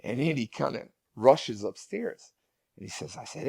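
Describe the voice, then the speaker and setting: A man's voice: mid-range voice, lively intonation, normal speed, gravelly, dark tone, husky, no room sound, studio quality. A man who is a guest speaker and parent, telling stories in a casual interview with many restarts and repeated words.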